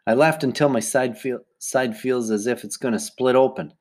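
A man's voice: medium pitch, normal speed. Male audiobook narrator, plain first-person storytelling. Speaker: audiobook reader.

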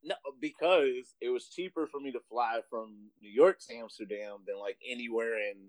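A man's voice: medium pitch, normal speed, dry recording. A man co-hosting a casual podcast, telling a story with lots of laughter. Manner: animated storytelling, laughs often, does voices in anecdotes. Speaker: podcast co-host.

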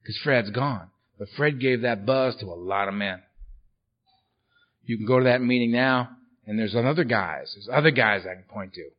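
A man's voice: mid-range voice, lively intonation, moderate pace. Blunt, humorous man on lo-fi tape. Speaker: workshop speaker at a recovery meeting. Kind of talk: personal storytelling talk. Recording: dull lo-fi recording.

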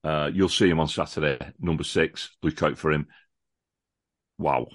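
This podcast guest has an extremely low voice with fairly even intonation, speaking briskly in a studio-quality recording with no room sound. A lifelong supporter of the away side, he previews the football match casually and eagerly, often restarting and repeating himself.

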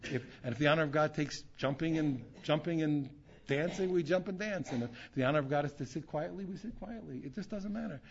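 A man, a rabbi, teaching a Torah class in an animated way, repeating phrases and restarting often. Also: a little high, brisk, vocal fry, few pauses. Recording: dull lo-fi recording.

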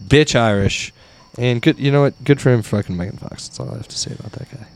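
A man's voice: mid-range voice, fast, creaky. A man hosting a casual podcast, joking crudely and rambling in loose chat. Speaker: podcast host. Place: porch, outdoors.

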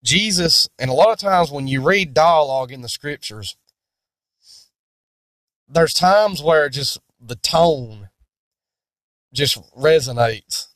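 A man preaching in a sermon-style Bible teaching, deliberate and emphatic. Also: a little high, expressive, a bit bright, no room sound.

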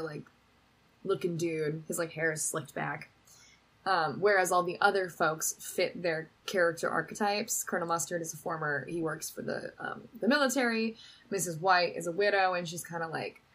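A woman's voice: lowish voice, breathy edge, poor audio. A young woman co-hosting a podcast, chatting casually and retelling a film with lots of "like". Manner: chatty, says "like" a lot, lively retelling. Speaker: podcast co-host recapping a film. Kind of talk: casual chat.

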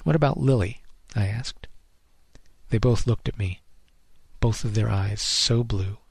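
Gravelly man reading his own noir story. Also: lowish voice, steady tone, slow, no echo. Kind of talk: first-person noir narration.

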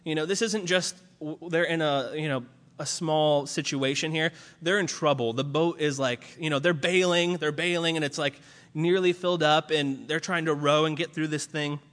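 Male preacher, conversational sermon, filler-heavy, upper-pitched, reverberant hall. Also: normal speed. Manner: casual, animated, many fillers.

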